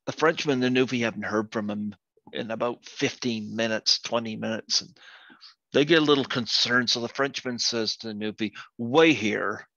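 A male podcast host in casual chat who tells jokes as an unhurried storyteller and laughs at his own jokes. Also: medium pitch, sharp tone, dry recording, dull audio.

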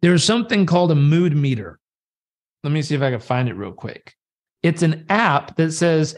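A man as a guest on a live video chat, talking about coaching in a lively, storytelling way and acting out voices in his quotes. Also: on the high side, normal speed. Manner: animated storyteller who acts out voices in quotes. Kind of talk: conversational coaching talk. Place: live social media video conversation.

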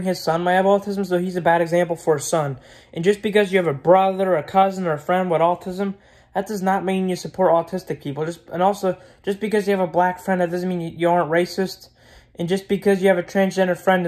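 A man's voice: high voice, steady tone, quick pace, a little mellow. A man vlogging in a casual, rambling rant, blunt and opinionated, repeating himself and swearing freely.

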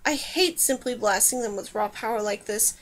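A woman reading as a fretful, gentle mage. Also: high voice, moderate pace. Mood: worried. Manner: fretful, muttering. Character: anxious, gentle male mage.

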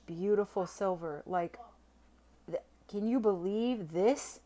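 A young woman vlogging a casual unboxing, gushing and excitable, stammering and swearing when she is overwhelmed. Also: mid-range voice. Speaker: silver-stacking vlogger.

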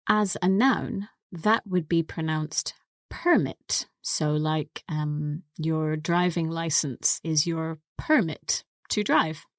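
A woman co-hosting an English lesson podcast, patiently explaining words step by step in a clear teaching manner. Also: low voice, slow pace, hardly any pauses, dry recording, clean studio sound.

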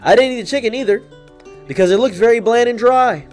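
A young man hosting a comedic storytime, delivering it in a deadpan, mock-dramatic way with wry asides. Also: very high voice, fast, faint music behind. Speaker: storyteller, channel host.

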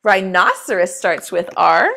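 A woman teaching a preschool lesson, talking to young children in a slow, encouraging way and asking them to repeat words after her. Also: fairly low pitch, lively intonation, creaky, sharp tone.

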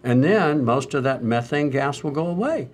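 A middle-aged male physician in a conversational health talk, telling stories and turning animated when he quotes others. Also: mid-range voice, moderate pace. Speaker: physician host.

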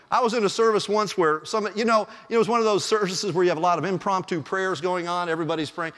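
A male pastor preaching a sermon in a church, telling the story in an animated way and chuckling often. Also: high-pitched, fast talker, hardly any pauses. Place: church sanctuary. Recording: long church reverb.

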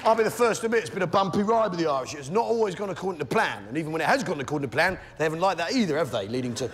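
A man's voice: on the high side, animated, racing. A man doing live stand-up with blustering, mock-patriotic bravado. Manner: blustering pub-landlord bravado. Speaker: stand-up comedian. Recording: loud crowd laughter, live venue.

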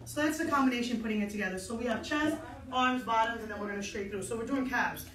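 A woman's voice: fairly high pitch, quick pace, fairly bright tone, roomy sound. A woman instructor leading an online step dance lesson, counting out beats and encouraging her students, a little out of breath, in a dance studio. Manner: upbeat and encouraging, counts aloud.

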